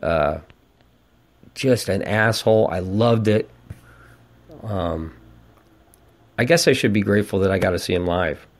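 Brief: man in his 40s, lowish voice, profane ranting podcast host, casual storytelling. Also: measured pace, long pauses. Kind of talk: casual monologue.

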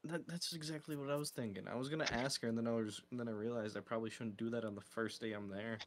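A man's voice: medium pitch, steady tone, fast talker. Man, gaming buddy, casual voice chat, blunt, crude, swearing. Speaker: gaming friend.

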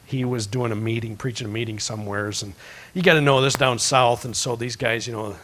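A man preaching a sermon as pastor, telling a story that swings from hushed to loud. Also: medium pitch, fairly even intonation, fairly quick, low-quality recording.

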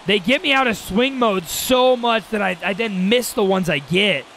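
Young male gaming host, high bright voice with a gravelly edge, exasperated play-by-play aimed at viewers. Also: moderate pace, slight background noise. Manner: exasperated, talks to himself and viewers with bursts of frustration. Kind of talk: live gameplay commentary.

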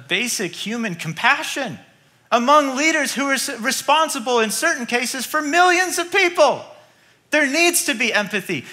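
A man's voice: very high-pitched, bright, forceful tone. A man, a pastor, preaching a sermon with energy, repeating his key lines and restarting often.

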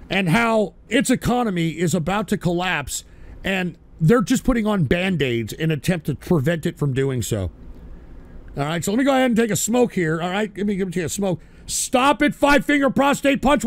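A man hosting a livestream show, ranting with constant swearing, shouting at trolls, and tacking "all right?" onto his sentences. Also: high-pitched. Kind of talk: profane livestream rant.

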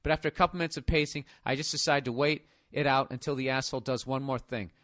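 A man with a Boston accent, a podcast host ranting in comedic, profane bursts, now and then laughing loudly. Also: medium pitch, fairly even intonation, fast talker, no echo, clean studio sound.

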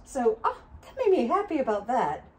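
A woman's voice: a little high, moderate pace, slight background noise. A chatty middle-aged woman showing off her thrift store finds in a casual home vlog, gushing over little items. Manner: chatty, excitable, gushes over small finds. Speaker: thrift haul vlogger.

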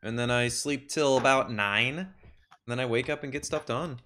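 A man's voice: medium pitch, moderate pace, a bit bright. Chatty male streamer with a noisy mic. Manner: rambling, self-deprecating, chatty. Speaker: streamer and host. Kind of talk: casual chat while gaming.

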